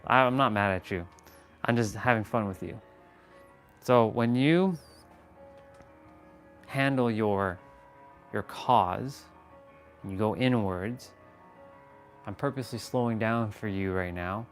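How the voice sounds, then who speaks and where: A man's voice: fairly low pitch, a little slow, long pauses, faint music behind. A man on a motivational livestream, talking with emphatic repetition, playful mock-scolding asides and casual swearing. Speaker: motivational live streamer.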